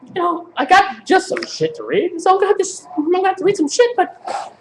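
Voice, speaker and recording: A woman with a very high, lively voice reads crude, joking poetry live and trades profane banter. She is recorded in an echoey coffee shop room. There is noisy room ambience behind her on a rough live stream. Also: fast talker. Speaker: performance poet.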